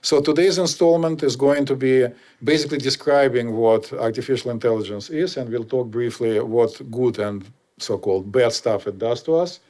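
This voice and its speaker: Russian-accented male podcast host, mid-pitched, rambling explainer with lots of pauses. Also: a little mellow. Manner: explanatory, meandering, hesitant with many pauses. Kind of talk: casual podcast chat.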